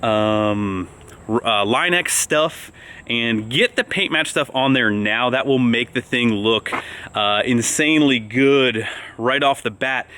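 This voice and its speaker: A man's voice: mid-range voice, sharp tone, slight background noise. A man hosting a casual vlog, rambling and amped up as he walks through his plans. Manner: rambling and amped up, talking fast. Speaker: vlog host.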